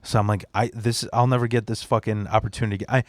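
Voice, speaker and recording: A man's voice: fairly low pitch, little pitch movement, fast talker, no room sound. Profane rambling male comedian. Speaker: guest, standup comedian. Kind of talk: casual podcast storytelling.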